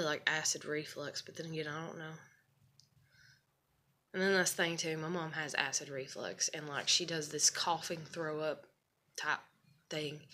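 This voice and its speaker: A woman's voice: low-pitched, pushed and bright. A woman telling a personal story in a casual, rambling, candid way, swearing and filling with "you know" and "like".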